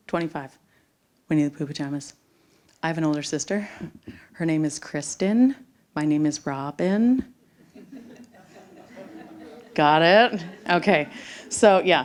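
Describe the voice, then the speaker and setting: On a theater stage before an audience, a middle-aged woman with a slightly low, darkish voice shares a personal story live. Her manner is intimate, and at times she drops to a near-whisper.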